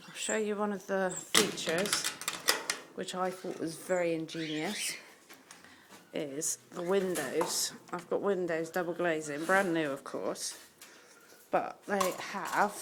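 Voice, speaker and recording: Woman, slow and lowish, proud rambling tour of her bird aviary; handheld camera, heavy birdsong behind. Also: noisy background. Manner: chatty, proud, rambling with restarts. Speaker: bird keeper giving a tour. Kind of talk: casual walk-through tour. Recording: loud birdsong all around.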